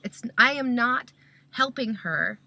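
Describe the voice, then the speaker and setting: A woman's voice: a little high, lively intonation, slow, vocal fry, bright, forceful tone, no room sound. A Christian mother giving a casual spoken talk, explaining step by step and often checking in with "okay?".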